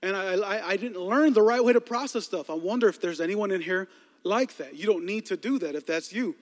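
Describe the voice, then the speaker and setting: High-pitched man, preaching, playful storyteller, does voices, echoing hall. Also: a little fast. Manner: lively, playful, acts out movie scenes with voices. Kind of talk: animated sermon storytelling.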